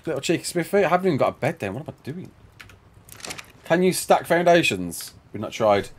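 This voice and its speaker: Sleep-deprived gaming streamer, rambling. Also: male voice, fairly high pitch, sing-song, brisk. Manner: chatty, rambling, answers chat questions while playing. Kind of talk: casual live gameplay chat.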